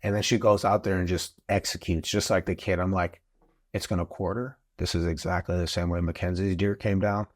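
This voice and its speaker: Low-voiced man telling a hunting story. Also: fairly quick. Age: adult father of school-age kids. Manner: animated, acts out quotes in the story. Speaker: podcast guest. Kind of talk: casual storytelling.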